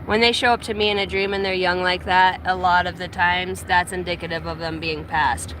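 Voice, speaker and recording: A woman's voice: fairly low pitch, fairly even intonation, a little fast, a bit bright, a little hiss or hum, poor audio. A woman hosting a casual morning livestream outdoors by a truck, chatting loosely and with profanity while she greets viewers by name. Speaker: livestream host. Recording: music playing in the background.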